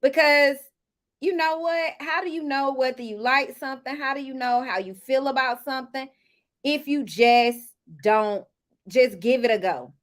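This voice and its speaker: A woman casually recapping a reality show episode, chatting to viewers with lively asides and storytelling. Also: sits high, moderate pace.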